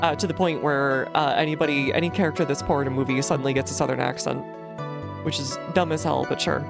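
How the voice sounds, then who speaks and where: Brief: low, gravelly-voiced woman streamer from New Jersey, chatty and rambling over game music. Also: steady tone, quick pace. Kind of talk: casual gaming commentary.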